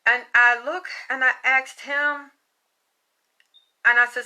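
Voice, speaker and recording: A woman spiritual reader with a bright, sharp-edged voice sitting a little high tells her stories bluntly and animatedly. She swears freely and talks in a loose, casual way. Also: flat delivery, slow, pauses often, smooth. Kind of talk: casual profane storytelling.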